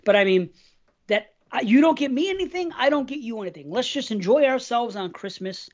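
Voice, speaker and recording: A man's voice: very high voice, animated, fairly quick, lo-fi sound. A man co-hosting a podcast, rambling in casual, heavily profane chat. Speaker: podcast co-host.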